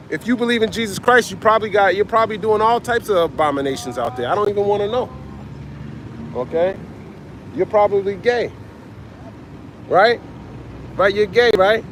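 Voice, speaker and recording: A man's voice: high-pitched, a little hiss or hum. A man preaching on a livestream in blunt, slangy street talk, answering his chat and ending his lines with "man". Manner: blunt, slangy, repeats "man" at line ends.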